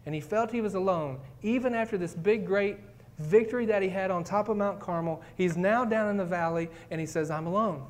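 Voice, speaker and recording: Pastor, male, higher voice, preaching with dramatic readings and fervent emphasis. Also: fairly quick, darkish tone. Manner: reads scripture, acts out pleas, builds to fervent emphasis. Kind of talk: sermon.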